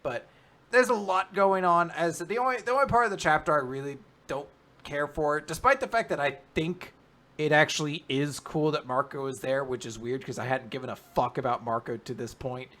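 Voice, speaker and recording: A man co-hosts a podcast recap, chatting casually and enthusiastically and swearing now and then. His voice is on the high side with a fairly bright tone, and he keeps a moderate pace.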